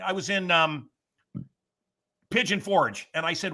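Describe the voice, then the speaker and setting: A middle-aged male host with a high, piercing, very bright voice. He rants in blunt, profane bursts and tees up punchlines for his guest. His delivery is quick and comedic, with a storyteller's build. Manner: blunt, profane, sets up jokes. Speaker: radio and podcast host.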